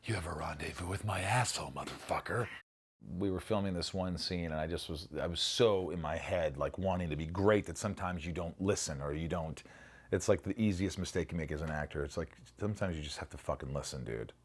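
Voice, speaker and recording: A middle-aged man reminisces in a relaxed interview, his voice sitting a little low. He tells stories with energy, swears freely and bursts into acted-out lines. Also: fairly quick. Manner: animated storyteller, swears freely, acts out lines. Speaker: actor interviewee.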